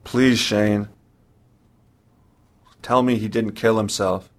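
A man's voice: fairly low pitch, fairly even intonation, takes it slowly. A man doing a fretful chatty father. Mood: pleading. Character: nervous joking middle-aged father on the phone.

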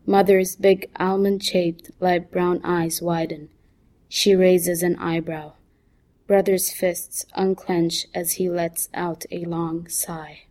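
A woman author reading her own first-person short story aloud in a calm, unhurried manner. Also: lowish voice.

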